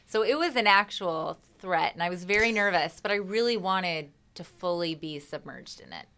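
A woman's voice: on the low side, normal speed, bright, forceful tone, smooth. A woman, a singer, chatting as a guest in an interview and acting out her own reactions as she tells a story. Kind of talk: casual interview chat.

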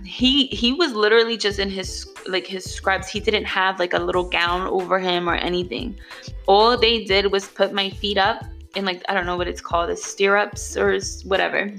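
A woman's voice: mid-range voice, gravelly, fairly bright tone. A young woman casually telling her birth story, chatty and blunt, full of slang and "like".

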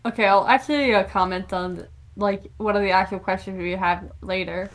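A woman's voice: medium pitch, fairly even intonation, normal speed, background noise. A woman on a casual music podcast who talks hesitantly, with many restarts. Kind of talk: casual album-review chat.

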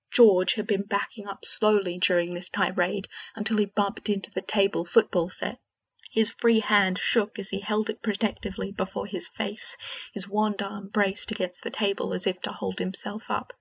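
A woman narrating a fan fiction audiobook in a steady, measured way. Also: medium pitch, vocal fry, husky. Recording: dull lo-fi recording.

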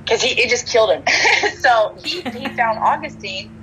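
A woman's voice: fairly high pitch, unhurried, faint music behind, low-quality recording. A woman with a Texan accent, telling a personal story in casual chat, full of "like" fillers and quoted dialogue. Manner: chatty, many "like" fillers, animated quoted dialogue.

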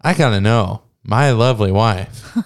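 A man's voice: lowish voice, a little slow, clean tone. A man hosting a podcast in a casual, playful, rambling chat. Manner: playful, rambling, self-aware. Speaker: podcast host.

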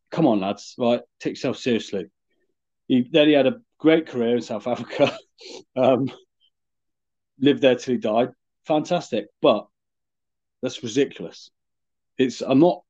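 A man co-hosts a casual sports chat, rambling and halting as he restarts his thoughts. His pitch is middling and unremarkable. The recording sounds dull and lo-fi. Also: dark tone. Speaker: podcast co-host.

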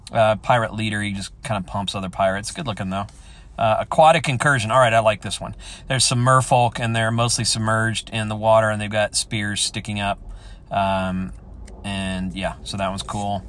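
A man's voice: fairly low pitch, fairly bright tone. A man hosting his own podcast, thinking aloud in a rambling, enthusiastic way as he chats on his own. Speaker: podcast host. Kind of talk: casual solo chat.

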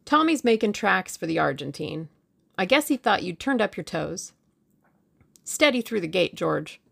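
A woman voicing a bold young man, speaking in a brisk, laconic, breezy way. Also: mid-range voice, sing-song, vocal fry, a bit bright, slightly rough, heavily acted.

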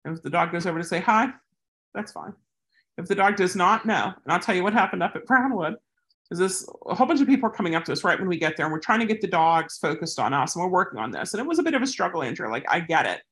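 A dog trainer mixes casual training tips with anecdotes, chatting away and acting out the people in her stories with big jumps in pitch. The voice is a bit bright, with lively intonation and a quick pace.

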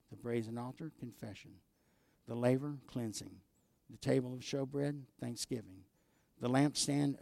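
A middle-aged man preaching a sermon as pastor, with call-and-response asides, his voice swinging from loud to quiet. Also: medium pitch, gravelly, no room sound.

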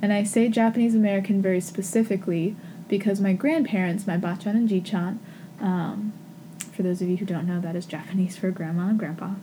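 A woman's voice: medium pitch, fairly even intonation, fairly quick, dark tone, slight background noise. A young adult woman co-hosting a podcast, earnestly sharing personal stories in casual conversation and laughing often. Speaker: podcast co-host. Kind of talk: casual chat.

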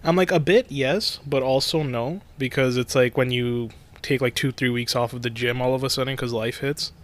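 A man's voice: medium pitch, moderate pace. A young man co-hosting a podcast, telling stories in casual chat and laughing often. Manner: laughing, animated storytelling. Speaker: podcast co-host.

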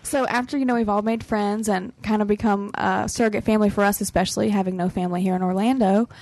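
Woman, middle pitch, casual storytelling, laughs often, acts out quotes, dry close sound. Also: steady tone, quick pace, a little mellow, dry recording. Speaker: podcast team member.

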